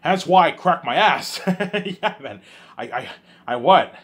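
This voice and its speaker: Husky man rambling in a monologue. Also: lively intonation, slow pace. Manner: repetitive, keeps saying "you know what I'm saying"; swings between loud outbursts and low mumbles. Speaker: host of his own listening series.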